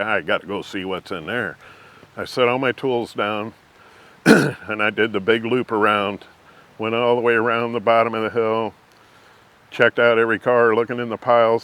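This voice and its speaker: A middle-aged man, telling rambling, folksy anecdotes in an interview and often clearing his throat. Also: fairly low pitch, a bit bright. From Missouri. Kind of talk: casual storytelling.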